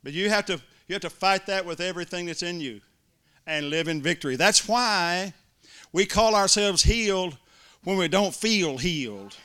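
Man, preacher, emphatic sermon, high clear ringing voice. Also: lively intonation, normal speed, pushed and bright. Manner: emphatic preaching, mimics complainers in little voices. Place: church before a congregation.

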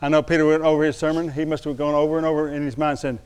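A pastor preaching a lively sermon to his church, dropping to quiet asides and then calling out loud. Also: on the high side, quick pace, few pauses. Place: church sanctuary.

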